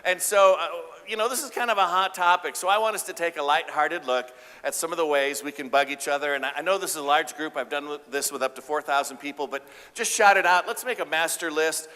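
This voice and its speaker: A man giving a live keynote talk, playful and joking, getting the audience to shout out answers. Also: fairly high pitch, quick pace, hardly any pauses, clear, resonant tone. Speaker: keynote speaker. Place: large event hall with audience. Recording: live hall with reverb.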